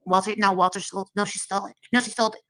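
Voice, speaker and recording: A woman's voice: mid-range voice, fairly even intonation, rapid-fire, fairly bright tone, close to an everyday voice, rough recording. A woman doing a mocking impression of a profane, jealous woman who rants and screams threats. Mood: sneering. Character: foul-mouthed jealous woman ranting, shrieking threats.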